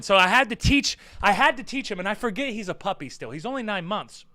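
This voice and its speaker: High, bright-voiced man chatting casually. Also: no room sound, clean studio sound. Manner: rambling, profane, teasing, laughs often. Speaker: streamer chatting with viewers. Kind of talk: casual live-stream chat.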